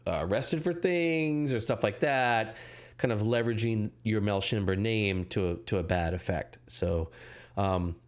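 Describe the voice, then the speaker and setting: A young man as dungeon master, narrating a tabletop game in a rambling way with many restarts. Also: lowish voice.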